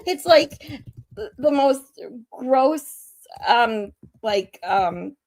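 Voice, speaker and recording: A woman's voice: sits high, expressive, extremely slow, darkish tone, no echo. A woman hosting a casual commentary channel, giggling and swearing freely as she talks. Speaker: channel host reacting to trial footage.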